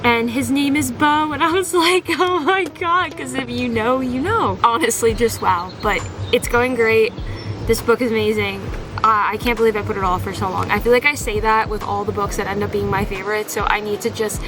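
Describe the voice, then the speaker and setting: A woman chatting in a casual reading vlog outdoors, gushing and excitable, full of "like" and "oh my God". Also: fairly high pitch, a little fast, over music. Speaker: book vlogger.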